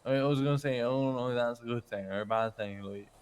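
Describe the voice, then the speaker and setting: A man's voice: medium pitch, quick pace, smooth. A man doing a put-on Irish accent while roleplaying in character, stammering and earnest, often ending lines with tag questions. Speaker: roleplay player.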